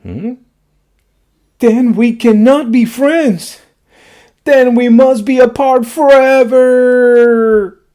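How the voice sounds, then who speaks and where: A man voicing an anxious male elephant in a picture book read-aloud, fretful and dramatic with loud sneezes. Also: very high-pitched, extremely slow, long pauses, voice pushed up, heavily acted. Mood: worried.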